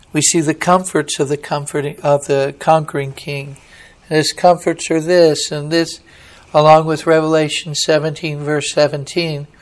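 A man, a pastor, preaching a sermon with surges of emphasis and some halting restarts. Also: fairly high pitch.

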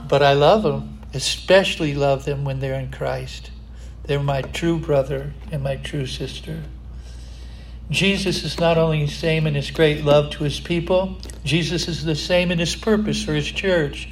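A man preaching a sermon, impassioned and building to loud, emphatic climaxes. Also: a little high, fairly even intonation, measured pace, slight background noise.

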